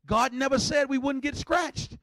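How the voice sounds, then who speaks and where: Swinging between shouting and quiet asides, this pastor jokes with the congregation through a lively sermon. He has a very high voice and a moderate pace, with no room sound audible.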